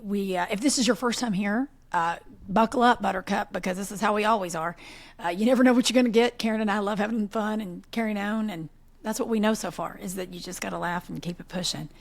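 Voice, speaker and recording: A woman in her forties co-hosting a podcast, telling animated stories in casual chat and laughing often. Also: mid-range voice, quick pace, vocal fry. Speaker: podcast co-host.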